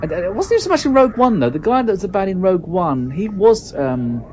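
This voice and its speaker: A man's voice: sits high, big pitch swings, brisk, a little mellow, a little hiss or hum. A man hosting a podcast in casual chat, jokey and chatty, often trailing off with fillers. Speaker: podcast host.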